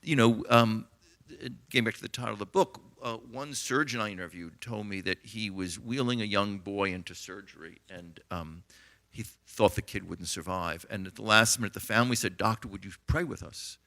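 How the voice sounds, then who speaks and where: American guy, middle-aged, gravelly, rambles through stories w lots of ums. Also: on the low side, normal speed, pushed and bright. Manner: storytelling with many fillers and retold dialogue. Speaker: author and physician. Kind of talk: conversational interview talk.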